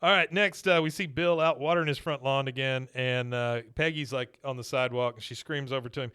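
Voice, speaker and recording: A man's voice: medium pitch, fairly even intonation, brisk, few pauses, bright, forceful tone, clear, resonant tone, dry recording, studio quality. A man co-hosting a podcast in casual chat, laughing often as he retells scenes. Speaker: podcast co-host recapping episodes.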